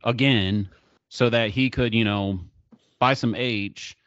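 A man's voice: lowish voice, steady tone, takes it slowly, a bit bright, dry recording, dull audio. A man earnestly explaining his view in a casual discussion, with many fillers.

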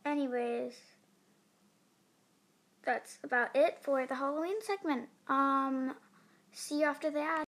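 A woman's voice: high voice, unhurried, pauses often, a bit bright. A teenage girl hosting her own podcast, rambling and giggly with lots of fillers. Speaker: podcast host. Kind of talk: casual chat.

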